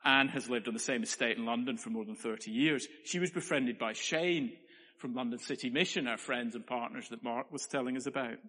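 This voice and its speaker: A man's voice: medium pitch, fairly quick, bright, forceful tone, big-room sound. A man preaching a sermon in a church, earnest and conversational, with playful asides to the congregation.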